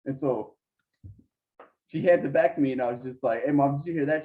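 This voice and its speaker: A man guest on a podcast, telling stories in a lively, casual way. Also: fairly high pitch, fast talker. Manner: animated storyteller, acts out voices in quotes. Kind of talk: casual storytelling. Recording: tinny phone-like line.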